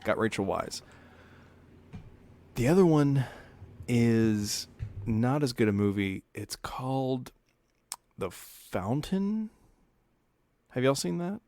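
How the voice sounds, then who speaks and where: A man's voice: medium pitch, expressive, slow, pauses often, a little mellow. A man co-hosting a podcast in casual chat, offhand and thinking aloud as he goes. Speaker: podcast co-host.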